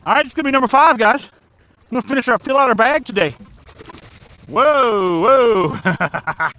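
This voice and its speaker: Excitable man narrating his fishing live. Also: very high voice, normal speed, dry recording, lo-fi sound. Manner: excited, chatty, talks to the fish. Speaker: angler streaming a fishing tournament. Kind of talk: live-stream commentary. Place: outdoors by a river.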